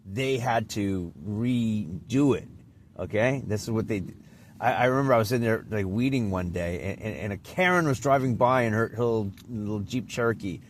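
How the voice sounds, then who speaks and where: A man's voice: fairly low pitch, normal speed, a little hiss or hum. A man telling a personal anecdote in a casual, rambling way, often restarting and trailing off. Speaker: vlogger.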